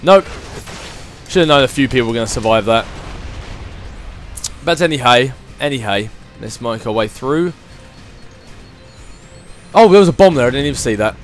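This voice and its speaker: A man chatting excitably through his let's play commentary as he plays a video game, thinking aloud as he goes. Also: mid-range voice, moderate pace, long pauses, soft background music. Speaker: gaming channel host.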